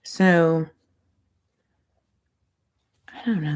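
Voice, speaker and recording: Lady doing a tarot reading, kinda gravelly and lowish, rambles a lot, bit of hiss. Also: animated, unhurried, darkish tone. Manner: chatty, rambling, self-interrupting. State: losing her voice. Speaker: tarot reader.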